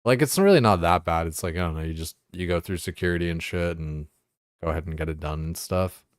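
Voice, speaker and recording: A young man rambling through a casual stream chat, dropping curse words and fillers constantly. His voice is deep and low, recorded close and dry. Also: fast talker, dry recording. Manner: rambling, profane, full of fillers like "like" and "you know".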